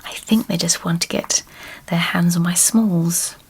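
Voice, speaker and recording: A woman's voice: on the low side, fairly even intonation, measured pace, slight background noise. Woman whispering as a cheeky older woman. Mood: teasing. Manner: teasing, laughing whisper. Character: cheeky older woman traveller, playful and mischievous. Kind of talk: whispered role-play.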